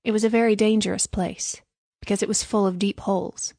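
Woman narrating a storybook, mid pitch, measured and clear, dry close sound. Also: fairly even intonation, warm tone, dry recording.

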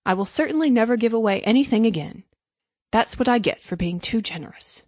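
Hearty, selfish storybook miller, raised and loud, dry close sound, as a woman reads him. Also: fairly high pitch, expressive, brisk, no echo. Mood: self-pitying. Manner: hearty, self-serving pronouncements. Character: greedy, smooth-talking male miller.

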